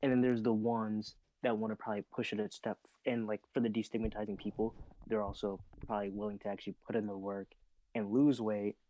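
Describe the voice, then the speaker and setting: A man's voice: on the low side, level tone, fast talker, warm tone, dry recording, rough recording. A man in a casual group discussion, laying out his points step by step with careful hedging. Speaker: podcast co-host.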